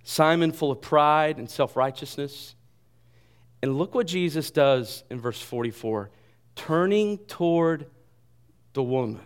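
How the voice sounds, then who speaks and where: A man preaching a sermon, animated and joking at himself, dropping to a soft voice when he quotes. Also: a little high, measured pace, clear, resonant tone. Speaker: pastor.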